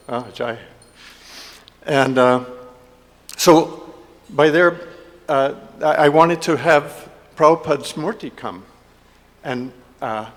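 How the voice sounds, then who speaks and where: A man giving a heartfelt personal speech to a congregation, halting, with many fillers and restarts. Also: mid-range voice. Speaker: devotee giving a festival offering. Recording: long hall reverb.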